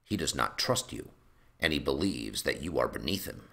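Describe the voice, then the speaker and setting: A man playing a smooth, scheming middle-aged lord in a fan audiobook reading. He speaks calmly and persuasively, his voice very deep with a gravelly edge and bright, sharp tone. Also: heavily acted. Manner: calm, measured and persuasive.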